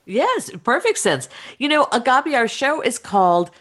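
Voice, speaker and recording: Lively woman podcast host. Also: high voice, a little slow. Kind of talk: interview questions.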